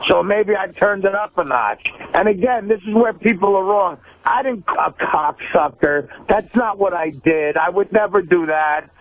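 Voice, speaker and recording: A brash, foul-mouthed man calls in and argues over a thin, tinny phone line. His voice sits high for a man and he keeps pushing over whoever talks. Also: moderate pace. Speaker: caller to a sports radio show. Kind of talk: heated call-in argument. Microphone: phone call.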